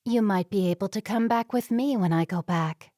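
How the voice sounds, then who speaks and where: A woman voicing a kind young Amish woman in an audiobook, speaking softly and reassuringly. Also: medium pitch, moderate pace, dry recording, clean studio sound, close to an everyday voice. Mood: gentle.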